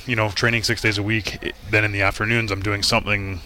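A man in his thirties, a football player guest, answering in a relaxed, halting way with fillers. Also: lowish voice. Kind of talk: casual interview chat.

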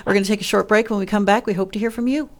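A male radio host who responds in a careful, diplomatic way, often hesitating with fillers. His voice carries a gravelly edge. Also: high voice, steady tone, very fast, very noisy. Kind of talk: radio call-in hosting.

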